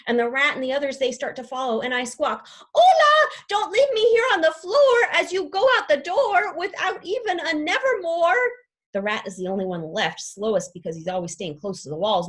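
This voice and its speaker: A woman reading aloud as a chatty, dramatic classroom pet parrot who makes up rhymes. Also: husky. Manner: lively storytelling with playful rhymes and pitch leaps. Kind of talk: children's book read aloud.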